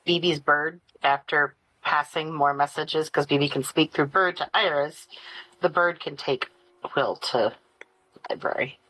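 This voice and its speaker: Husky-voiced woman at a tabletop game. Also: sits low, unhurried, pushed and bright, low-quality recording. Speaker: player. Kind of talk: casual tabletop play.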